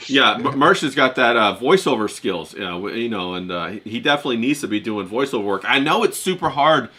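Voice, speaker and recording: Bright-voiced casual podcast host. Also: male voice, mid-range voice, fairly quick. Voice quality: relaxed, frequent "yeah" and "uh" fillers. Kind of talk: casual chat, reading live chat.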